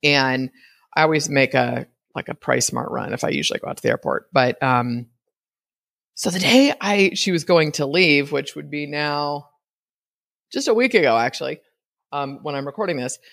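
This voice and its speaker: A woman's voice: low-pitched, expressive, moderate pace, creaky, fairly bright tone, no echo. A woman hosting a podcast, chatting casually and rambling as she retells a story and acts out what people said. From United States. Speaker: podcast host.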